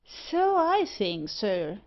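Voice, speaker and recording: A woman's voice: medium pitch, very animated, very slow. Woman doing jolly rogue Ginger. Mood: jovial. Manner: breezy dialect speech. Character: jolly greedy male dog-thief rogue. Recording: muffled lo-fi audiobook recording.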